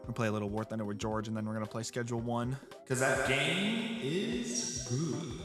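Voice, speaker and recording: A man's voice: mid-range voice, normal speed, over music. A young man hosting a gaming stream, rambling and joking crudely with friends. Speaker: streamer and host. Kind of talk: casual gaming chat with friends.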